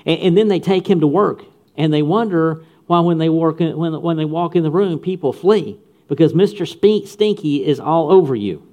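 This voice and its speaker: A man's voice: a little high, moderate pace, mellow. A man preaching a sermon with punchy humor and repeated phrases for emphasis. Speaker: pastor.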